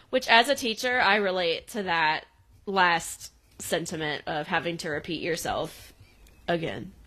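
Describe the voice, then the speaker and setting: A woman's voice: lowish voice, measured pace, bright, forceful tone. A young adult woman co-hosting a podcast, retelling a show episode in casual chat and laughing often as she acts out the lines. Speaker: podcast co-host. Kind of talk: casual recap chat, acting out quotes.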